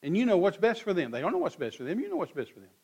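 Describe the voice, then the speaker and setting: A man's voice: sits high, wildly swooping pitch, racing, a little mellow, breathy edge. A man, preaching in church in a blunt, folksy way and acting out both sides of quoted back-and-forth. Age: 60s. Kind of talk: sermon.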